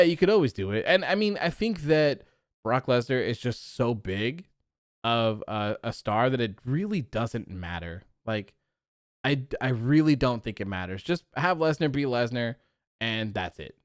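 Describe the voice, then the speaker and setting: A man's voice: mid-range voice, unhurried, smooth, dry recording, studio quality. A young man hosting a live stream, chatting casually and reading out viewer comments, with lots of "like" fillers. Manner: rambling, animated, many "like" fillers.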